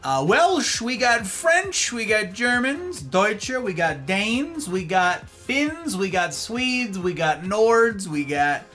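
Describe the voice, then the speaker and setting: A man with a high-sitting voice hosts a livestream, speaking slowly and with few pauses. He chats casually and playfully, animated and reacting to chat, while faint music plays.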